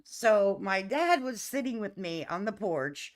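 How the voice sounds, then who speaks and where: A woman's voice: mid-range voice, unhurried. Middle-aged woman, livestream host with a mid-range voice, chatty and emphatic, laughs often. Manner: laughs often, lively and emphatic, addresses listeners as honey and baby. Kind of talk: casual storytelling chat with viewers.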